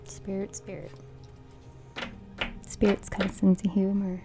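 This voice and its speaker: A middle-aged woman doing a casual card reading, playful and giggly, often dropping into a soft whisper. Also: medium pitch, a little slow, long pauses, faint music behind. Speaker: tarot reader.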